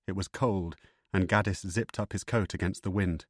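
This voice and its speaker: A man narrating a thriller audiobook in a measured, steady way. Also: deep voice, no room sound.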